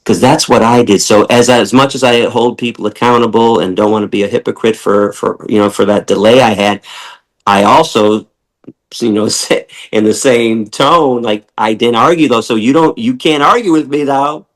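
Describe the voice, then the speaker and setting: A man's voice: medium pitch, normal speed, low-quality recording. Man from Michigan, podcast guest; blunt, profane, ranting delivery with mocking put-on quotes. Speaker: guest, animal rights lecturer. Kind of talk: impassioned podcast interview.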